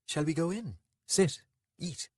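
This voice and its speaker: A soft, pleading witch woman, husky and breathy, as a male narrator puts her on. Her pitch leaps and dips, and the reading is dry and close. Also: huge pitch swings, slow pace, no room sound, exaggerated voice.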